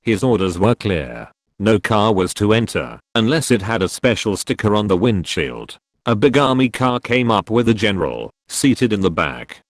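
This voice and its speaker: A man tells military jokes in a scripted, measured way. His voice sits low and moves lively up and down between setup and punchline. The sound is dry and close, with no room around it. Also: no echo. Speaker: joke narrator. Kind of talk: scripted joke reading.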